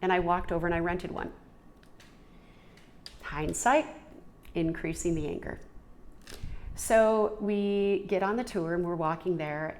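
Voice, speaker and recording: A middle-aged woman telling an earnest, reflective personal story, halting now and then with restarts. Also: fairly low pitch, a little mellow. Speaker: storyteller sharing a personal experience.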